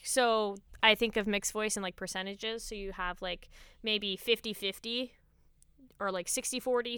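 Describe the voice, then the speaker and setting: A woman's voice: medium pitch, bright, forceful tone, smooth, no echo, studio quality. A woman co-hosting a podcast, explaining vocal technique in a casual chat with many fillers. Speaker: podcast co-host.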